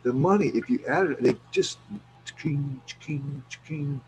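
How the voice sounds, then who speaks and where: Middle-aged man, raspy, swears freely, animated casual storyteller. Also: fairly high pitch, a little slow, soft background music, poor audio. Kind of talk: casual chat.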